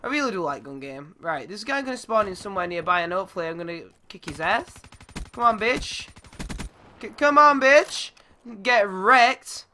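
A young man giving live gameplay commentary, excitable and swearing, his voice going squeaky when he yells. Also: moderate pace, a little hiss or hum. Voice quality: goes squeaky when yelling. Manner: excitable, shouts and swears at the game. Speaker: gaming YouTuber.

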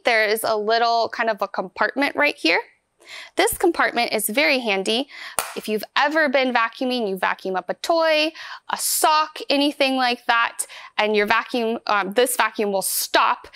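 A woman's voice: fairly high pitch, lively intonation, normal speed, a bit bright, dry recording. A woman giving a hands-on product demonstration, explaining each step in an upbeat, chatty way. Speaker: vacuum store product demonstrator.

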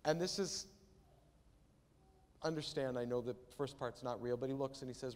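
A man's voice: medium pitch, normal speed, a little mellow. A man preaching a sermon as pastor, talking in a conversational way and acting out Bible quotes. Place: church sanctuary. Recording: long reverb of a church hall.

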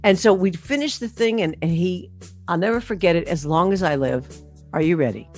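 In a casual interview, a woman singer tells animated stories about her career, full of fillers and restarts. Her voice is lowish and brisk, with faint music playing behind her.

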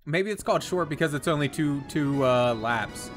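Young male streamer, slightly raised pitch, faint game music underneath; loose, profane, easily excited play-by-play. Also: moderate pace. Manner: excitable, swears a lot, laughs often. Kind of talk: casual gameplay commentary. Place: his bedroom.

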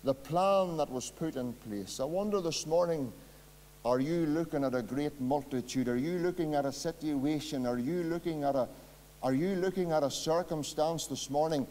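A man preaching a sermon as pastor, swinging between loud impassioned passages and quiet low ones. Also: moderate pace, a little hiss or hum. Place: church hall. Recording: long hall reverb.

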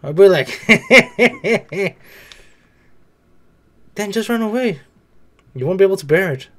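A man's voice: high-pitched, animated, slow pace, a bit bright. A young man talking back at the screen in casual reaction commentary, chatty and swearing now and then. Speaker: reaction video host.

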